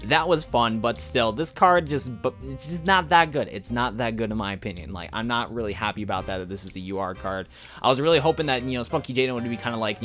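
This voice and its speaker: A man hosts a gaming video in a rushed, rambling stream of words, packed with fillers. He sounds a little out of breath from talking so fast, at a middling pitch. Light music plays quietly behind him. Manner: rapid rambling delivery with many fillers, says he runs out of breath. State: slightly out of breath. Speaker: YouTube gaming channel host. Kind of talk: fast casual commentary on a mobile card game.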